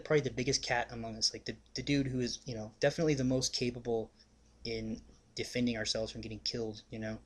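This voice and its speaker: A young man spinning a rambling story in a plain, mid-pitched voice. He swears freely and fills every gap with "like" and "you know", talking the way he would to friends. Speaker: vlogger. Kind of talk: casual storytelling.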